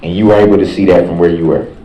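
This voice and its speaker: Deep, dark-voiced man cross-examining in court. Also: fairly even intonation. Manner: halting, repetitive questioning with restarts. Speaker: defendant questioning a witness. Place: large courtroom. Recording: echoey courtroom, dull lo-fi sound.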